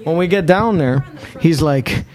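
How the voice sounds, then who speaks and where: A man with a somewhat raised pitch rambles through crude stories in casual conversation. He talks bluntly and swears freely, piling aside on aside. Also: a little slow, a little mellow. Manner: blunt, profane, rambling anecdotes.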